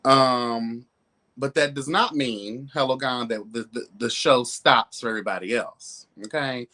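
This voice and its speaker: A man's voice: mid-range voice, measured pace, bright, forceful tone. A man hosting a live-stream pop culture commentary show, sassy and flamboyant, peppering his talk with exclamations. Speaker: host.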